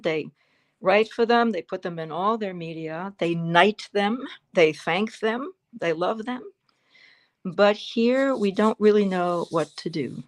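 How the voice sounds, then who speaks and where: A woman in her seventies answering interview questions as a guest actress, telling fond stories with pauses and fillers. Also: on the low side. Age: 70s. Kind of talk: interview answers over a livestream.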